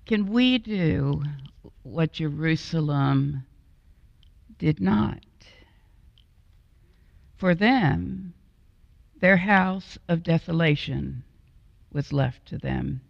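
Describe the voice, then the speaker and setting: A woman preaching a storytelling sermon in a slow, expressive way, acting out the voices in her story. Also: low voice, creaky, no room sound, in a large hall. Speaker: guest preacher. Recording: dull, lo-fi and dry.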